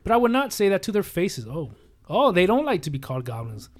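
A man's voice: high-pitched, very animated, fairly quick. A man casually reading an interactive storybook aloud, with joking, sarcastic asides. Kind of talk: casual read-aloud with commentary.

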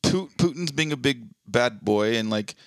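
A man's voice: mid-range voice, expressive, moderate pace, gravelly, no room sound, studio quality. A man co-hosting a casual podcast, laid-back and jokey with hesitant fillers. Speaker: podcast co-host. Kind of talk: casual chat.

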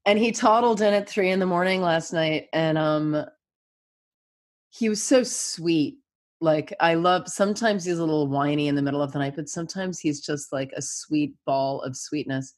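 A woman in her thirties with a slightly low voice talks in a loose, conversational way. She tells stories with lively acted-out quotes. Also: normal speed. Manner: animated storyteller, acts out quotes. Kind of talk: casual chat.

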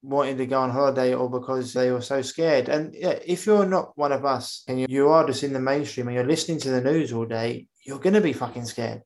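A man hosts a casual podcast chat at a middle pitch. He rambles on in animated bursts, breaking off to act out other people's voices before he picks the thread back up. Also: a little fast, few pauses. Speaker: podcast host. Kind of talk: casual conversational interview.

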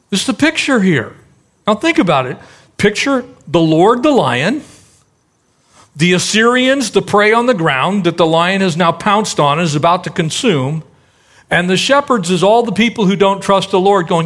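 A man's voice: sits high, lively intonation, normal speed, a bit bright. Man preaching in a conversational sermon. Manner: conversational preaching, acts out quoted voices. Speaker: pastor.

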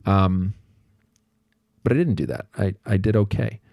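A man's voice: fairly low pitch, animated, measured pace, vocal fry, warm tone, dry recording, clean studio sound. A man in his thirties hosting a solo podcast, telling a story from home life in a conversational, self-deprecating way with asides. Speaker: podcast host.

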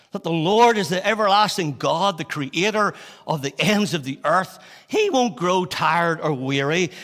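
A man preaching a sermon, rising to impassioned scripture and dropping to quiet, intimate appeals. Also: fairly high pitch. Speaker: pastor. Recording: long reverb of a large hall.

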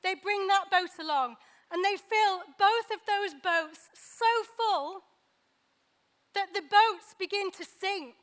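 A woman preaching a sermon, pausing for effect and acting out the lines she quotes. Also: very high-pitched, fairly bright tone. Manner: dramatic pauses, acts out quoted dialogue.

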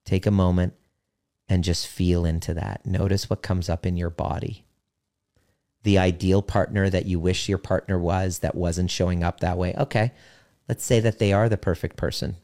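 Casting note: low-voiced male coach, blunt and earnest, slows to land key points. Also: fairly even intonation, mellow. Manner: blunt, earnest, swears for emphasis. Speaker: relationship coach. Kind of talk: motivational talk to listeners.

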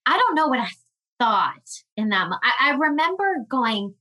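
A woman guest on a podcast, telling a personal story in an earnest, emotional way with halting restarts. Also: high-pitched, big pitch swings, bright, forceful tone, poor audio.

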